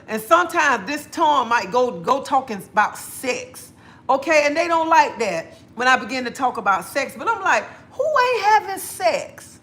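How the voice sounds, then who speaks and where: A middle-aged woman hosts a livestream, chatting casually and bluntly and laughing often. Her voice is high and fairly bright.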